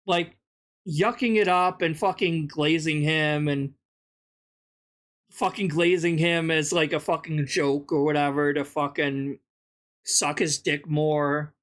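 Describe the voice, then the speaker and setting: A woman giving an indignant, profane reaction commentary, her throat sore from yelling. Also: deep voice. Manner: profane, indignant, laughing ranting.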